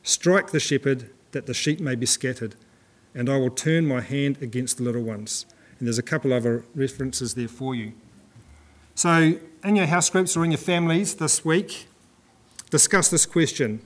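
A man's voice: mid-range voice, steady tone, normal speed. A man preaching a sermon in a church, reading scripture and talking plainly to the congregation with some fillers and restarts.

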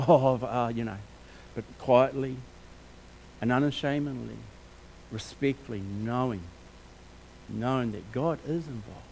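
A man preaching a sermon with passion, moving between quiet reflection and loud, emphatic declarations, with casual asides. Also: medium pitch, unhurried, creaky, long pauses, slight background noise. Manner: informal, scattered with casual asides.

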